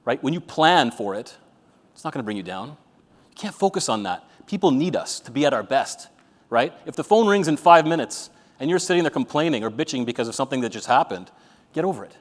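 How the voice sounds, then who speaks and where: A motivational speaker addresses a live audience at an event venue, and the reverberant hall echoes around him. His medium-pitched voice moves fairly quickly with lively intonation as he tells jokey stories in a blunt, profane manner.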